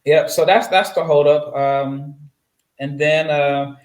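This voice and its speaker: A man's voice: a little high, fairly even intonation, slow. A man from Nebraska, a guest draft analyst, telling a long story in casual interview chat with lots of fillers and restarts. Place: home setup, away from his usual mic. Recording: roomy echoey sound.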